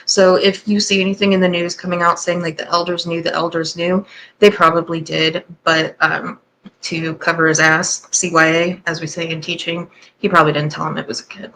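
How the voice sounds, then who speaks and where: A woman with a fairly low voice hosts a reaction commentary. She talks candidly and with a sarcastic, skeptical edge. A faint hum of noise sits under her voice. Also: flat delivery, a little fast. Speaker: host and commentator.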